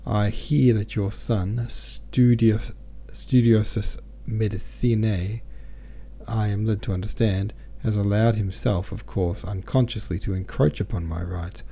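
A pompous businessman suitor, read by a man with a dark, mellow tone and a low-pitched voice that lifts into a stiff, high sing-song. He speaks coldly and formally, every phrase buttoned up. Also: steady tone, measured pace, gravelly, slightly rough, full character voice. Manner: formal and cold.

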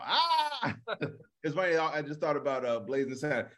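A man co-hosting a comedy podcast, telling a story in a relaxed, rambling, casual way. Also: fairly high pitch, moderate pace. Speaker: comedian co-host.

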